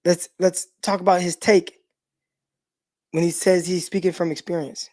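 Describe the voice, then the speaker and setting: Here a middle-aged man hosting a sports stream chats loosely with his audience, answering comments from the live chat, reading them out, and leaning on lots of fillers. His high-pitched voice is warm, level in tone, and moderately paced.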